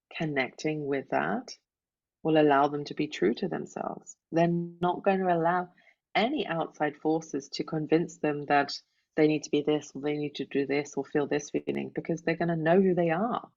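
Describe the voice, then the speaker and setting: Woman life coach, very low voice, gravelly fry, heartfelt and open, dull lo-fi audio. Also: darkish tone. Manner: open, heartfelt, frequent "like" and "right?". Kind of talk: casual interview chat.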